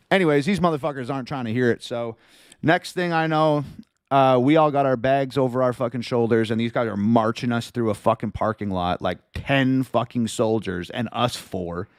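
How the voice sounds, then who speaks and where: A man spins a tense story on his livestream, swearing freely as he goes. His voice sits in an ordinary middle pitch. The sound is dry and close, with no room echo. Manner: profane, animated storyteller. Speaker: livestream host. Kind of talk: casual storytelling.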